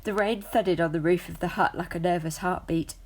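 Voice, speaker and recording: A woman reading a children's novel aloud as narrator, steady and measured. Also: lowish voice.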